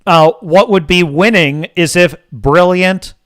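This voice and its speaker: A man's voice: high-pitched, takes it slowly, fairly bright tone, smooth. A male host giving sarcastic, mocking livestream commentary.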